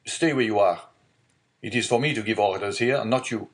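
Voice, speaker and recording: A man's voice: on the low side, normal speed, close to an everyday voice. A man voicing a stern male deputy prosecutor in an audiobook, stiff and formal, giving orders. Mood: commanding.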